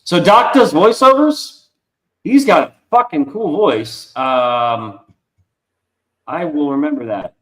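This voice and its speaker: A man's voice: on the high side, animated, takes it slowly, fairly bright tone. A man hosting a casual drawing stream, rambling enthusiastically and cursing freely. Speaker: artist and stream host. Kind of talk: casual chat. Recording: roomy echo.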